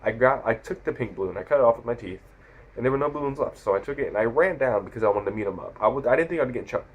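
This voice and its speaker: With a medium-pitched, racing voice that has a breathy edge, a sixteen-year-old boy vlogger rambles through a casual story to camera. He corrects himself often while retelling it animatedly, and the audio sounds dull.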